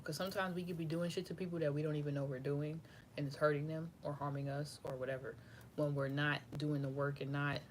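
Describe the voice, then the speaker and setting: Low-voiced woman giving a casual tarot reading. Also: a little mellow, a little hiss or hum. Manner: loose, profane, rambling, slangy. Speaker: tarot reader. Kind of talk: casual spiritual reading to camera.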